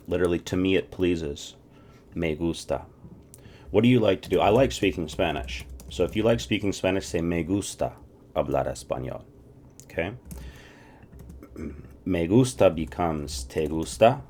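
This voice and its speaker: Deep-voiced man teaching in a relaxed drill. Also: a little hiss or hum. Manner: animated, drills phrases and asks viewers to repeat; clears throat often. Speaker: language teacher. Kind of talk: casual spoken lesson.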